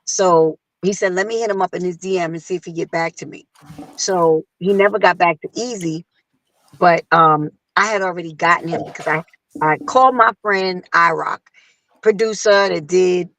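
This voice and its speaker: A woman singer telling a story in casual conversation, acting out other people's lines in a higher voice. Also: moderate pace, low-quality recording. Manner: animated, acts out quotes in a higher voice. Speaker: guest singer.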